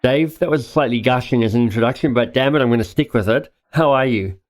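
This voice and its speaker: A man hosting a podcast interview, enthusiastic and gushing, quick to laugh. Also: mid-range voice. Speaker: podcast host. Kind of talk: casual interview.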